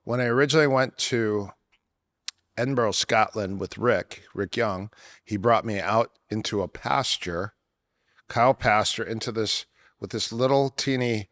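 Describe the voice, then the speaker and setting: A middle-aged man, an MMA coach, telling long stories in a casual interview, rambling with many fillers and restarts, his voice worn from years of yelling. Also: lowish voice. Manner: rambling anecdotes with many fillers and self-corrections.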